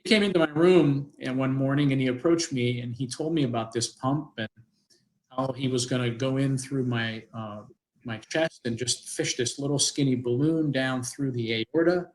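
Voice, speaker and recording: A man's voice: medium pitch, normal speed, rough recording. Older guy rambling thru his story on an interview, lots of restarts. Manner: rambling with frequent restarts and acted-out quotes. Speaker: guest.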